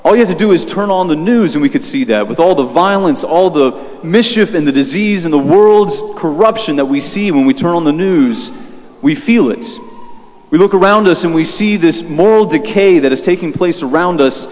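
A man's voice: a little high, lively intonation, moderate pace, a little mellow, long reverb tail. A young man, a Catholic priest, preaching a sermon in a conversational way, telling a personal story with fillers and restarts.

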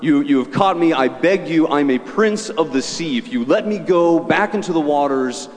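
A man's voice: a little high, lively intonation, moderate pace, lightly acted. An enchanted goldfish, a prince of the sea, grants wishes in an easygoing, obliging tone as a man voices it. The voice stays close to ordinary talk. It rings in a long church echo.

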